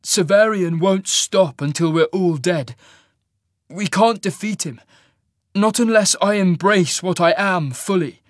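A man doing a raspy, grim young man. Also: fairly high pitch, a little slow, no echo, clean studio sound, pitched above the performer's own voice.

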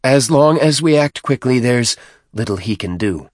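A man voicing a scheming, cold male alien priest-politician who talks in crisp, commanding, dismissive tones. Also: medium pitch, lively intonation, moderate pace, a little mellow, no room sound, studio quality, voice pushed up, natural voice. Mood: brisk.

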